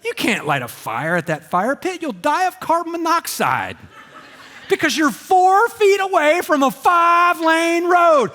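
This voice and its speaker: Long hall reverb surrounds a middle-aged pastor delivering a sermon in a church auditorium. At a measured pace and in a very high voice, he tells animated stories, slipping into comic voices.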